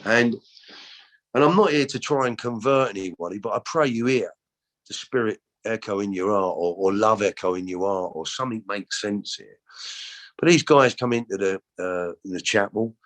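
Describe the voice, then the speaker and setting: Rambling man, low voice. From London. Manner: rambling and earnest, many restarts and repeated words. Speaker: show host telling his life story. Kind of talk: personal testimony.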